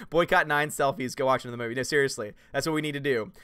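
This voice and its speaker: A man hosting a livestream, reading chat messages and answering in a casual, animated way with loud jokey outbursts. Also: mid-range voice, quick pace, clean tone, no room sound. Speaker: YouTube channel host reading live chat.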